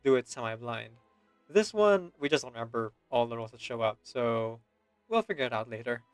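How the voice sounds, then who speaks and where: Relaxed chatty male streamer host. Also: medium pitch, normal speed, smooth, no echo, soft background music. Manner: relaxed, chatty, laughs often. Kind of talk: casual stream chat.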